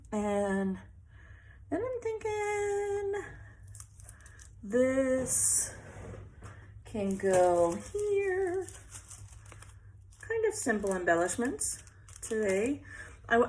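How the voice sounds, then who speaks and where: Middle-aged woman, crafting vlog chatter, lively swooping voice, fairly high. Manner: chatty, venting, laughs often. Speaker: scrapbooking vlogger. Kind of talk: casual chat while crafting.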